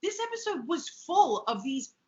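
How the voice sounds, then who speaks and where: A woman's voice: very high voice, big pitch swings, moderate pace, darkish tone, lo-fi sound. A woman co-hosting a podcast, chatting casually and sarcastically as she recaps a sitcom, swearing freely. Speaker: podcast co-host.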